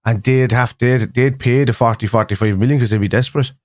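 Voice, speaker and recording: A man's voice: mid-range voice, steady tone, brisk, dry recording. A young man hosting a casual fan live stream, chatting loosely with viewers and rambling through restarts and fillers. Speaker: fan show host.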